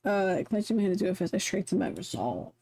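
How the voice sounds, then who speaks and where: Fast-talking with big pitch swings, a young woman with a mid-range, mellow, husky voice chats animatedly on a live stream. She reads a visual novel aloud, rambling through stories and swearing freely between lines.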